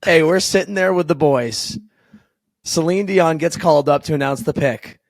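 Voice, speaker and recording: A man co-hosting a casual hockey podcast, telling stories excitedly. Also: a little high, moderate pace, no echo. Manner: excitable storyteller, swears casually. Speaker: podcast co-host.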